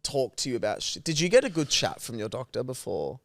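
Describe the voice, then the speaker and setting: A young Australian man co-hosting a podcast in casual chat, excitable and rambling, with crude slang. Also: mid-range voice, a little fast, vocal fry, no room sound, clean studio sound. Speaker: podcast co-host.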